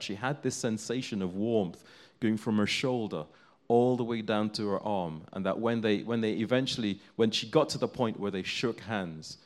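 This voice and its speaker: Preaching to his congregation, a man with a deeper voice tells a story, his earnest emphasis building as he goes.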